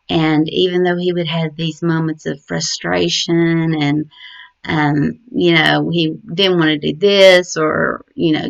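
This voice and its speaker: Slow, gravelly-voiced grieving mother. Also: on the low side. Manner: halting, many pauses and fillers, tender. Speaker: grieving mother remembering her son. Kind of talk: personal memorial reflection. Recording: dull lo-fi recording.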